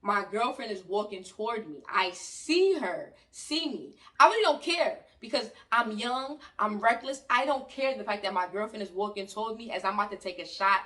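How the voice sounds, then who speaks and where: A woman from New York with a New York accent, telling a story in an animated, loud and slangy way and talking to her viewers. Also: mid-range voice, normal speed, hardly any pauses. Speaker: vlogger. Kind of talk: storytime vlog. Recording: voice a bit distant from the mic.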